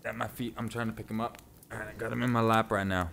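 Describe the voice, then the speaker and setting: Man, very low voice, laid-back joking streamer, casual swearing, faint room hum. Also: little pitch movement, quick pace, gravelly, fairly bright tone. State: stuffy from sinus trouble. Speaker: live streamer. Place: closet at home.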